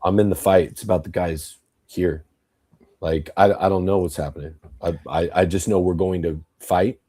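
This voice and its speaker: A man's voice: low voice, steady tone, moderate pace, mellow, breathy edge. A man in casual podcast talk, ranting bluntly with heavy swearing and telling stories with acted-out quotes. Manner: blunt, profane, rambling political rant.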